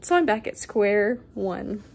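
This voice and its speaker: A woman's voice: medium pitch, expressive, slow pace, a little mellow, husky. A young woman vlogger telling a personal story in a casual, rambling way, with many fillers and restarts.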